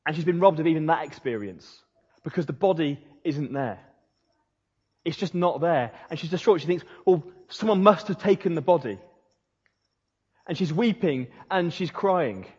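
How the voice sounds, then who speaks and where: Guy preaching a sermon, kinda husky, big echo from the hall, dull sound. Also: a little high, moderate pace. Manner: storytelling, animated, dropping to a hushed voice for emphasis.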